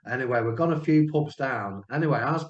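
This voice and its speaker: A man's voice: medium pitch, fast. Sweary man from Lincoln, blunt storyteller; roomy, dull recording. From Lincoln, England. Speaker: panel member. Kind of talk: storytelling in casual chat.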